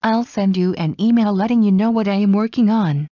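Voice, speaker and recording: A woman slowly reading everyday English phrases one at a time for learners. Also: mid-range voice, dark tone, no room sound, dull audio. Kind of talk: slow scripted phrase reading.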